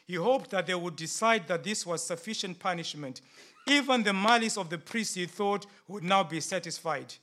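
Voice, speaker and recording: A man preaching a sermon in a measured, earnest storytelling manner. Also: sits high, bright, forceful tone.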